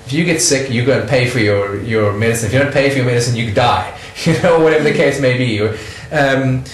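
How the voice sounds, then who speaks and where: A middle-aged South African man telling stories in a casual interview, animated and laughing often. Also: medium pitch, a little fast, echoey room, low-quality recording.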